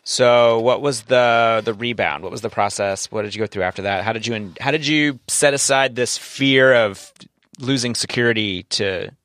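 A man hosting an interview, asking searching questions in a halting way. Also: mid-range voice, fairly bright tone, no echo. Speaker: host.

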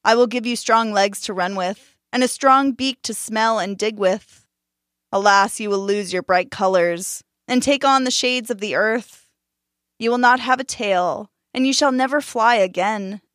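A woman voicing a gentle male forest god king in a storybook, speaking in a solemn, pleading tone. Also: fairly high pitch, a little slow, dry recording, studio quality.

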